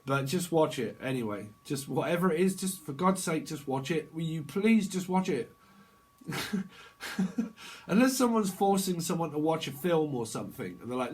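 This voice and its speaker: A man's voice: a little high, expressive, moderate pace, a little mellow. A man giving a rambling, jokey tarot reading, laughing often between his thoughts. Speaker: tarot reader. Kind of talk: casual tarot reading monologue.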